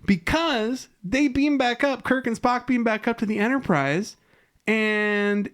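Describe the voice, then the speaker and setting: A man's voice: very high voice, measured pace, a bit bright. A man co-hosting a podcast in casual chat, swearing freely and acting out lines from the episode he is recapping. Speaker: podcast co-host.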